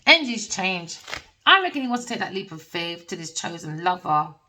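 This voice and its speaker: A woman's voice: fairly low pitch, very animated, a little fast, pushed and bright, recorded from a distance, slight background noise, low-quality recording. A woman giving a casual tarot reading, rambling and emphatic with plenty of slang. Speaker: tarot reader.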